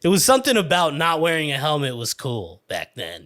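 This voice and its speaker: A man hosting a podcast, telling a childhood story in a rambling, profane, animated way. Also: on the high side, brisk, hardly any pauses. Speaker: podcast host. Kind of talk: casual storytelling monologue.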